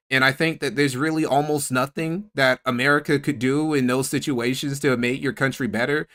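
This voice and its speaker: A man's voice: medium pitch, a bit bright. A young man streaming and reacting to a clip in casual chat. He talks in a sarcastic, profane, rambling way.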